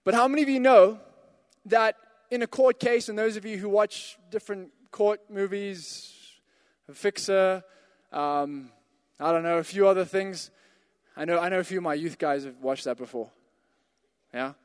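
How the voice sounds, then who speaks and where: A man with a fairly high voice delivers a sermon in a church. He tells a personal anecdote in a chatty way, then pushes into forceful calls to his listeners. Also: normal speed, in a large hall. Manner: storytelling, builds to emphatic exhortations. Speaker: pastor.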